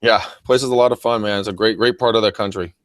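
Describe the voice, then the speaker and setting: Brief: low-voiced man, podcast co-host, animated and swearing, close dry mic. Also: fast talker, no room sound. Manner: animated, profane, acts out scenes. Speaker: podcast co-host and real estate coach. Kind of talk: casual podcast chat.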